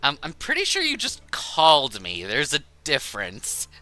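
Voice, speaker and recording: A man's voice: fairly high pitch, wildly swooping pitch, normal speed, pushed and bright, dry recording. A man streaming a game, chatting casually, rambling and laughing often. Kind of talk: casual chat while gaming.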